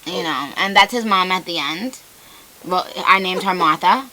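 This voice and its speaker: Bright-voiced woman, playful radio guest. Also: lowish voice, moderate pace, poor audio. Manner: playful, animated storytelling. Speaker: guest artist. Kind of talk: casual radio interview. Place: radio studio.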